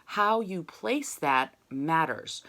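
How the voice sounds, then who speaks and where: Woman, voice teacher, bright clear tone, video-call lesson, sings little demos between explanations. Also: sits low, lively intonation, slow pace. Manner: demonstrates sung syllables between explanations. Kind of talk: online singing lesson.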